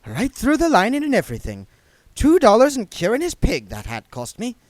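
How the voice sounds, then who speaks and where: A man's voice: mid-range voice, big pitch swings, moderate pace, no room sound, voice pushed up, lightly acted. A man voicing a nervous, earthy old female witch who rambles in rustic speech. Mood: flustered.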